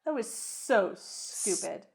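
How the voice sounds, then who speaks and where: A middle-aged woman co-hosting a podcast in casual chat, lively and quick to act out lines in voices. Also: on the high side, vocal fry, breathy edge. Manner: animated, acts out lines from the film in voices. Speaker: podcast co-host.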